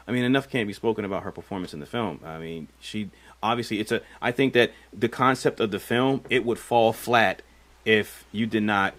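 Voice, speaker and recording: A man with a fairly low voice co-hosts a casual film podcast. He talks in a rambling, thoughtful way, circling back with fillers and restarts as he weighs his picks. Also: fairly bright tone. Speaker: podcast co-host.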